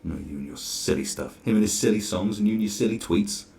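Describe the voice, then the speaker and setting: Exasperated man with gravelly voice. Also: on the low side, fast, a little mellow. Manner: exasperated, sarcastic, swears freely. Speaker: commentary vlogger. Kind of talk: ranting reaction commentary.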